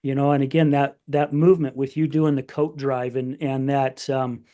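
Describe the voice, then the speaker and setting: Warm-toned and medium-pitched, with little pitch movement and normal speed, a middle-aged podcast host relates a heartfelt family story in relaxed conversation, getting emotional and performing the voices of family members.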